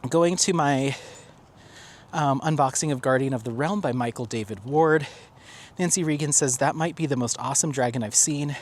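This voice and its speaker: Walking his dog along a neighborhood street, this man vlogs in a medium-pitched voice at a normal speed. His chat is loose and full of fillers and false starts as he reads out comments from viewers.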